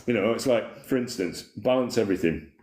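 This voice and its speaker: A man with a low, deep voice chats at a relaxed pace on a live stream, rambling and reading out viewer comments. His voice rings around an echoey room. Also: a little fast, noisy background. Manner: rambling, laid-back, reads chat comments aloud. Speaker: livestream host. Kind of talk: casual spiritual livestream chat.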